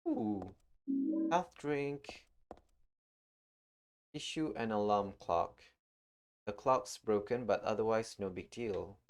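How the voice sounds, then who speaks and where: Slow-talking man streaming a horror game. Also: fairly low pitch. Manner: reads in-game text aloud, unhurried. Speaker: gaming streamer. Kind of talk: live-streamed gameplay commentary.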